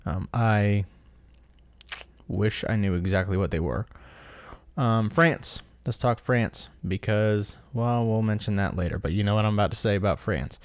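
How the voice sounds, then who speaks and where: A man's voice: on the low side, measured pace, dry recording. A man hosting a casual solo commentary episode, rambling and correcting himself as he stumbles over names. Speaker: podcast host.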